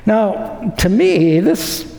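Male preacher, emphatic and repetitive, high lively voice, long hall reverb. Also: extremely slow, vocal fry. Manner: emphatic, repeats phrases for effect. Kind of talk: sermon.

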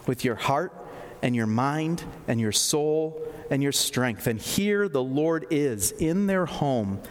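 A man's voice: medium pitch, lively intonation, slow pace. Man preaching in a reverberant hall. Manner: conversational, with fillers and asides. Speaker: pastor. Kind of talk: sermon. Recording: long reverb of a large hall.

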